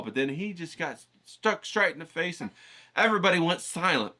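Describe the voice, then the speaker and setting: A man hosting a writing challenge, telling a childhood story in an animated, chatty way and then coaching his viewers to write. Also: a little high, brisk. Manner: animated anecdotal telling, acts out quoted voices; coaching, rallying tone. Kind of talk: casual storytelling lesson.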